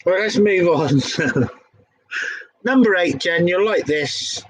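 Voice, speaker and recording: A young man with a Devon accent reads out pub quiz questions in a casual, sweary way, giggling often. His voice sits high and swings widely. Faint room noise hums behind him. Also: expressive, slow, low-quality recording. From England. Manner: giggly and sweary, stumbling over words, frequent laughs. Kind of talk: casual quiz-reading chat.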